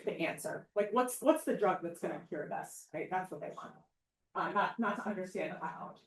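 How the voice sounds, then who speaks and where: A woman giving an informal public talk as a professor, chatty and animated, often asking "right?" and acting out quoted voices. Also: on the high side, a little hiss or hum. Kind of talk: informal lecture. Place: outdoor event or hall. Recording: echoey, mic far from speaker.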